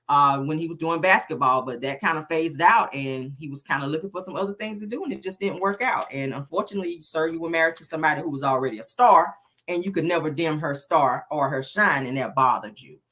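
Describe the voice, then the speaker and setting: Woman host, blunt sassy gossip commentator, lowish voice with a bright, forceful edge. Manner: sassy and blunt, addresses the audience as "honey" and "y'all". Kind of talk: casual celebrity gossip commentary.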